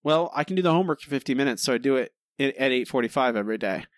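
A man's voice: medium pitch, animated, very fast, dry recording, studio quality. A man co-hosting a podcast, chatting casually and giving sardonic verdicts on an episode. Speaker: podcast co-host. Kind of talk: casual chat.

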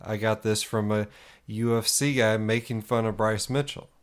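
A man co-hosting a podcast, talking in a halting, searching way with many restarts. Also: on the low side, fairly even intonation, clear, resonant tone. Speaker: podcast co-host. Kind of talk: casual podcast talk.

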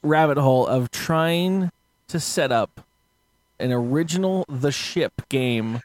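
Fast, profane man on a podcast. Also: on the high side, no echo. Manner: animated, swears a lot, laughs often. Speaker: podcast co-host. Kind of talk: casual profane chat.

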